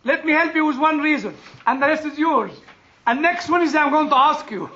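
A man, a chaplain, giving an earnest sermon and telling personal stories, leaning hard on some words and letting quieter phrases trail off. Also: extremely high pitch, fairly quick, slight background noise. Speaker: chaplain and preacher. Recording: dull lo-fi recording.

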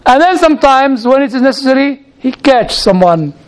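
Very high-voiced man preaching. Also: expressive, smooth. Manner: halting, with frequent restarts and playful asides. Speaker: priest. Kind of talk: sermon with storytelling.

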